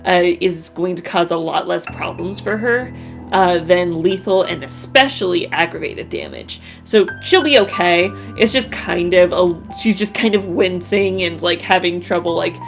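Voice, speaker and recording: A woman narrating a tabletop role-playing game in a relaxed, chatty way with many fillers. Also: lowish voice, normal speed, vocal fry, soft background music. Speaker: game master.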